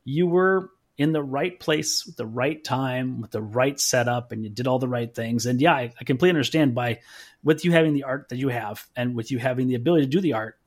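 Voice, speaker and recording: A male podcast host in casual conversation with his guest. He responds in an encouraging, reflective way. His voice has an ordinary middle pitch. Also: a little fast. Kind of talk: casual interview chat.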